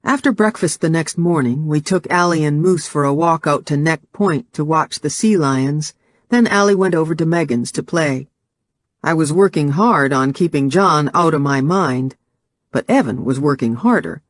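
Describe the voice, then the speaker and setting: On a close studio microphone with no echo, a man with a higher-pitched voice reads a first-person novel aloud for an audiobook. His storytelling stays steady and measured.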